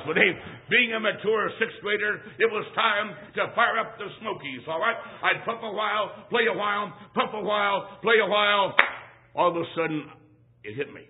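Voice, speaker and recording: High-voiced folksy preacher on a tinny recording. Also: male voice. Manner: folksy, emphatic, repeats phrases for effect. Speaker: traveling preacher. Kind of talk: storytelling sermon. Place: church.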